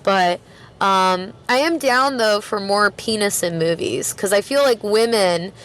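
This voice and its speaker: A woman's voice: mid-range voice, unhurried, fairly bright tone. A woman from Canada, a podcast guest, talking in a rambling, chatty way with plenty of fillers and laughter. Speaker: podcast guest, record store worker. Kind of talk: casual interview chat.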